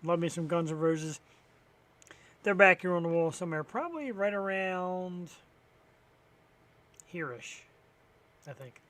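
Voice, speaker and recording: A man's voice: high voice, expressive, measured pace, long pauses, fairly bright tone. A man hosting a live online talk show on his own, rambling casually with wry, profane asides. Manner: rambling, profane and wry, sarcastic about sports. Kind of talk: solo live-stream chat filling time.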